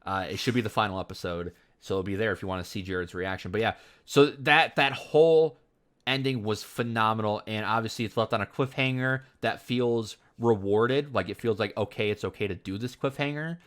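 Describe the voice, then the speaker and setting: A young man co-hosting a podcast in a relaxed, rambling way. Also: on the low side, a little fast. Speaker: podcast co-host. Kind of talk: casual podcast chat.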